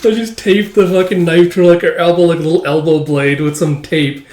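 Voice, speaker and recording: A man casually reading through a manga aloud, excitable and animated, acting out the lines. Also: on the high side, a little fast, reverberant, a little hiss or hum. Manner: excitable, laughs often, acts out lines. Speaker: comic reader and commentator.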